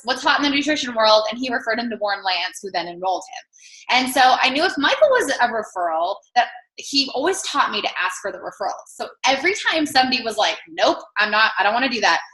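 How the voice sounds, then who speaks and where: A woman telling a personal success story in a lively way, acting out the dialogue she quotes. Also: a little high, reverberant, rough recording. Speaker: business testimonial speaker.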